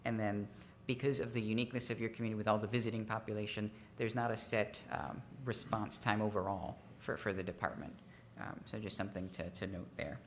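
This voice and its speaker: Low-voiced man giving a methodical presentation. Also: fairly even intonation, fairly quick, creaky, slight background noise. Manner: methodical, figure-heavy, frequent fillers and restarts. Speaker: consultant presenting a fee study. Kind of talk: formal presentation at a city council meeting.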